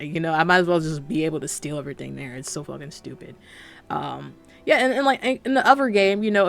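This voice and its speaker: Gravelly young man ranting about a game. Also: on the high side. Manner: rambling, profane and exasperated, with frequent fillers and restarts. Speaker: game reviewer. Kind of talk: casual spoken game review.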